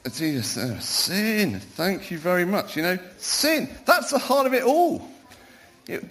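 Middle-aged pastor, high and lively voice, playful church talk for children. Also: male voice. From Wales. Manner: playful and animated, quizzing children and calling them up.

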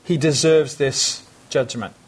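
A man's voice: mid-range voice, fairly even intonation, slow, slightly rough. A man preaching a sermon, earnest and emphatic, repeating phrases for stress.

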